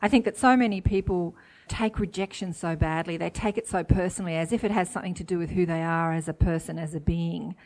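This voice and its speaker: A woman's voice: on the low side, fairly even intonation, fast, a little mellow. A woman with an Australian accent, a radio host, chatting in an interview and laughing easily. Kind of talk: casual interview chat.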